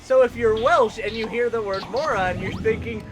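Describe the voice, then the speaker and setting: A man's voice: high-pitched, normal speed. A man co-hosting a let's-play, chatting eagerly and sharing bits of trivia. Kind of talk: casual gaming chat. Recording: game music playing behind.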